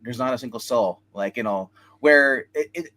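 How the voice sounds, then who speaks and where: A man's voice: medium pitch, moderate pace, sharp tone. A man co-hosting a casual film review chat, rambling as he retells scenes and acts out quotes. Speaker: movie review show co-host.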